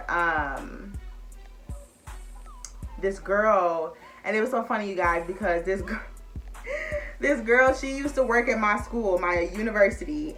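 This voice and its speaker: A woman's voice: medium pitch, fairly bright tone. Chatty young woman vlogger, emotional. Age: young adult. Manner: chatty, emotional, addresses viewers as y'all. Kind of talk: casual chat to camera.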